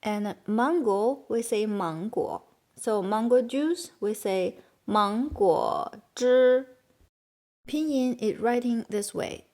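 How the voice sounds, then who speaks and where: A woman teacher with a Chinese accent leads a beginner lesson. Her voice sits a little high, and she talks slowly, drawing out each word and explaining in simple, careful English. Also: mellow. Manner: patient, spells out sounds slowly, simple broken English.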